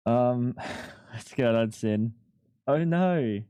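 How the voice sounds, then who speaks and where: A man's voice: mid-range voice, expressive, extremely slow, mellow, clean tone, no echo, studio quality. A young man streaming live, chatting casually and rambling, swearing freely as he thanks viewers. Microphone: headset.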